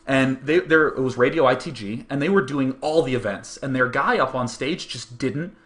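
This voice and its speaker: A man's voice: mid-range voice, normal speed, a bit bright. A young man recalling a tournament in earnest, conversational storytelling, with plenty of fillers. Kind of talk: reflective storytelling.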